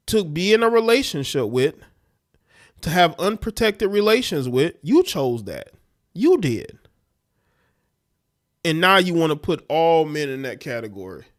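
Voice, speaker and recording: Blunt, scornful man hosting a livestream. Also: on the high side. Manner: blunt, scornful, talks straight to viewers. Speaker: livestream host. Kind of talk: livestream commentary.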